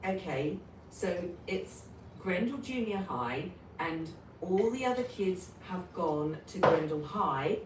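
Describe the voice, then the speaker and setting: A woman improvising and narrating a silly school story in a slow, animated way, heard from a distance in a roomy, noisy space. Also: on the low side. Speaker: story co-writer.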